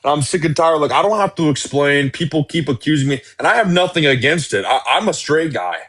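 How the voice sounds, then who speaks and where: A man's voice: fairly high pitch, expressive, brisk, fairly bright tone, slightly rough. Defensive, stammering man in a debate. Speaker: caller in a debate. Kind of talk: casual live debate.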